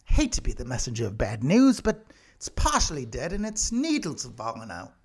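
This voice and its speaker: A man's voice: medium pitch, wildly swooping pitch, moderate pace, a little mellow, slightly rough. A man voicing fussy, overly polite British officials personified as a nation, stammering and flustered. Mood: politely flustered.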